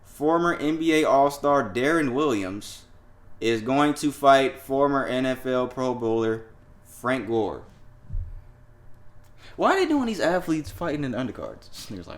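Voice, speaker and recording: A man co-hosting a podcast, talking in loose, profane banter and laughing as he goes. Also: measured pace. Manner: animated, laughing, profane banter with sudden jumps in pitch and volume. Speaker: podcast co-host. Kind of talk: casual chat.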